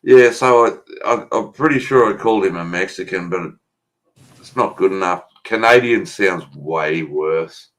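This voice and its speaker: A man's voice: deep voice, a little slow. A man chatting casually on a livestream, laughing and swearing as he banters.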